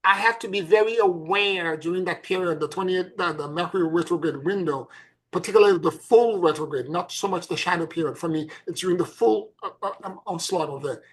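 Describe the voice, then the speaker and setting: Stammering, animated woman co-host. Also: on the low side, brisk, slightly rough. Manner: stammering restarts, animated storytelling. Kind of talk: casual spiritual discussion.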